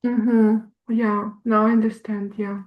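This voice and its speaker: Female student, very slow and halting delivery, muffled recording. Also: medium pitch, little pitch movement. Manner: hesitant, sounds words out. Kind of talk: reading practice in a lesson.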